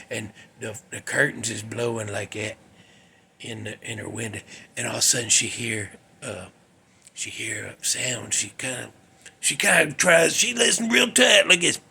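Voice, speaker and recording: A man hosting his show, telling a ghost story in a drawling, folksy way that drops into hushed whispers. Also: medium pitch, normal speed, slight background noise. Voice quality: gravelly, raspy. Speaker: show host.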